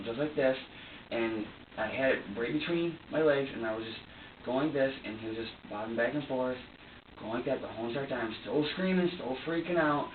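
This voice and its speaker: A man being questioned by investigators, rambling, agitated and swearing heavily as he recounts what happened. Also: mid-range voice. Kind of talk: recounting events under questioning. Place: sheriff's interrogation room. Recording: echoey distant lo-fi video with faint hiss.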